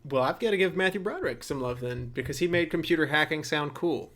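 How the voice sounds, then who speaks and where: Guy cohosting a movie podcast, kinda higher voice, jokey, laughs a lot. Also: animated, a bit bright. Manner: joking, quick to laugh. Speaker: podcast co-host. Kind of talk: casual movie-podcast chat.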